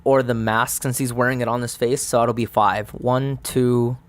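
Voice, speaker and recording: A man playing a solo tabletop game, muttering dice counts aloud and narrating the results in a relaxed, casual way. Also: mid-range voice, normal speed, clear, resonant tone. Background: faint background music.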